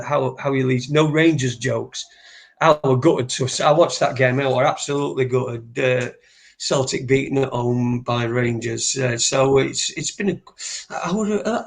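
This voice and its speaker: A man's voice: mid-range voice, gravelly. A man co-hosting a casual live stream, rambling with lots of swearing, fillers and restarts. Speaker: co-host.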